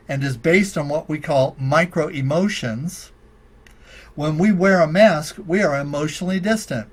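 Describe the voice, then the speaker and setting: Guy doing a podcast rant, kinda high voice for a man, slow and emphatic, hits the key words hard. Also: slightly rough. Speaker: podcast host and natural medicine college dean.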